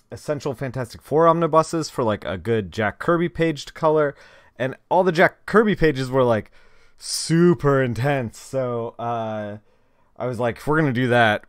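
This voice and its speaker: A man's voice: mid-range voice, clean tone, no echo, clean studio sound. A young man chatting casually with his viewers on a live stream, rambling and talking straight to them.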